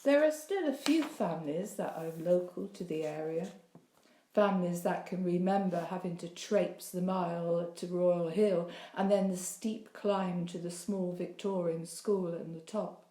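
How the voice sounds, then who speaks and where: A woman's voice: unhurried, dark tone. A woman narrating a novel as an audiobook, lifting her voice for the dialogue. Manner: reads the dialogue with a lifted, higher voice. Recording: roomy echo.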